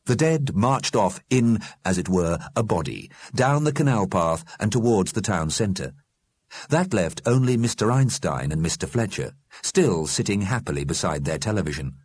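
A man reading a story aloud in a measured, expressive way. His low, husky voice rises and falls widely. The recording is dry and close. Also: no echo. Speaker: audiobook narrator. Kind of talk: scripted story narration.

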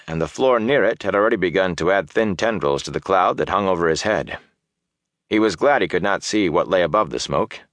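A man narrating a fantasy audiobook in a steady, measured storytelling voice. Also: sits low, no echo, clean studio sound.

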